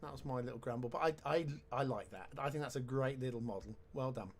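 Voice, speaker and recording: A man's voice: mid-range voice, quick pace. A man giving casual let's-play commentary, chatty and wry with sarcastic asides. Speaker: game commentator.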